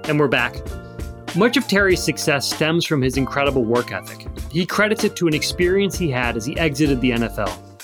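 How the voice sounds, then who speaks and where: Male interviewer, conversational and reflective, somewhat high pitch. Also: expressive, a little fast, over music. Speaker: podcast host. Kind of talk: interview questions.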